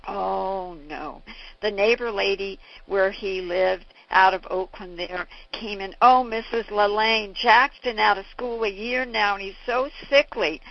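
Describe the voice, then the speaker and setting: A woman's voice: on the low side, creaky. An older woman in an interview, telling stories and acting out the people in them, in a dull lo-fi recording. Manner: animated, acts out the people in her stories. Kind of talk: anecdotal storytelling.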